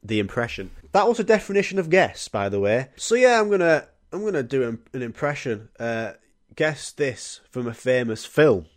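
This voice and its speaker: A man's voice: mid-range voice, lively intonation, normal speed. A young man, hosting a solo comedy podcast in a rambling, jokey, sweary way. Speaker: podcast host.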